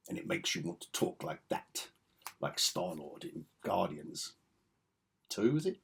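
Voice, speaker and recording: A man's voice: sits low, sing-song, unhurried, vocal fry, slightly rough. A man chatting casually as he shows off his comic collection, enthusiastic and rambling with chuckling asides. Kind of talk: casual show-and-tell chat.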